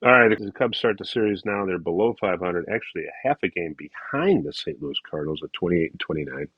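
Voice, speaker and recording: Deep-voiced man, rambling host. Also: lively intonation, fairly quick, breathy edge, no room sound. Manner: rambling, many fillers. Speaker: podcast co-host. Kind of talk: casual chat and baseball recap. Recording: dull lo-fi recording.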